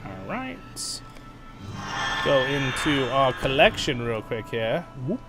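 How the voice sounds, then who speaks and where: Male streamer talking through his game, playful and expressive, soft music under him. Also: mid-range voice. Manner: chatty, playful, quick to laugh. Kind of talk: casual gameplay commentary.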